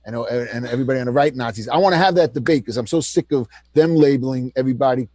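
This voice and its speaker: A man co-hosting a heated political chat, talking in an animated, mocking, ranting way. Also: mid-range voice, quick pace, no room sound. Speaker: co-host.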